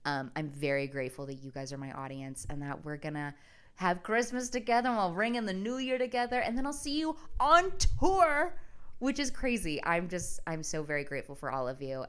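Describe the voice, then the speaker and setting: A young woman talks straight to her viewers in a casual storytelling vlog. Her voice sits low and sounds smooth and resonant. She is wry and profane and breaks into laughter as she goes. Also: a bit bright. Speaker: comedian and vlogger.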